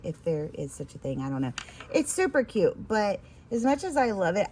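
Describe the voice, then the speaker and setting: A woman's voice: medium pitch, a little mellow. Chatty giggly woman teaching sewing. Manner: chatty and giggly, self-deprecating asides. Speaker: sewing tutorial host on a live stream. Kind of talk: casual live sewing demonstration.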